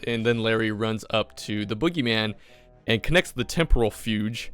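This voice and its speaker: A man's voice: on the low side, normal speed, loud music behind the voice. A man casually recapping a movie with profane, rambling enthusiasm.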